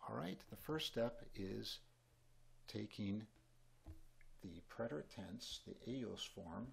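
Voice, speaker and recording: A man teaching a Spanish grammar lesson in at a whiteboard, explaining in a relaxed, chatty way with small asides. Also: fairly low pitch, takes it slowly, vocal fry.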